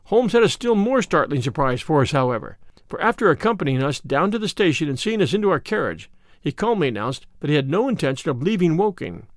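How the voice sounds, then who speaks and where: Expressive male audiobook narrator. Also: fairly high pitch, fast talker, dry recording, clean studio sound. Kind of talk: scripted narration.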